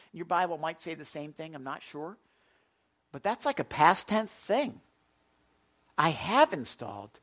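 A man preaching a sermon as pastor, animated, with big swings from soft to loud and repeating words as he starts sentences. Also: on the high side.

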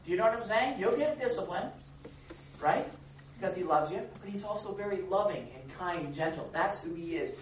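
A man's voice: high-pitched, lively intonation, a little fast, slight background noise. A man preaching a sermon as pastor, talking animatedly and acting out the voices he quotes. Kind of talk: sermon with congregation. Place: church or meeting room. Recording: echoey room, distant mic, faint ambience.

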